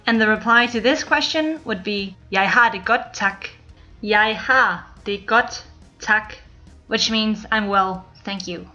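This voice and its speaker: A woman from Denmark teaching a language lesson, repeating each phrase slowly and clearly for learners. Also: medium pitch, sharp tone, dull audio. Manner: clear, slow model pronunciation with repeated phrases.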